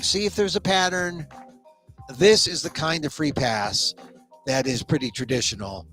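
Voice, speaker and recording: A middle-aged man from the United States hosting a small talk show, delivering a sarcastic comedic monologue with quick restarts. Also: a little high, animated, sharp tone, faint music behind. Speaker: host.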